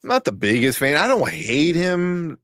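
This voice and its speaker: A man co-hosting a casual show chat, animated, laughing often and restarting his sentences. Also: on the high side, moderate pace, no room sound, studio quality. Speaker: co-host.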